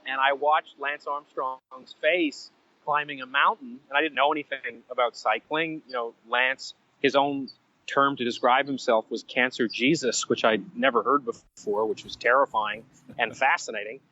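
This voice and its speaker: A man telling stories as a podcast guest, animated and self-mocking, drifting into side stories. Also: medium pitch, normal speed, lo-fi sound. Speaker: guest writer. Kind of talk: conversational storytelling.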